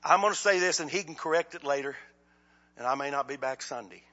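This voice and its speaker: Husky, high-voiced impassioned male preacher. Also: fast, dull audio. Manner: impassioned, rises to shouts then drops low. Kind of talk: sermon.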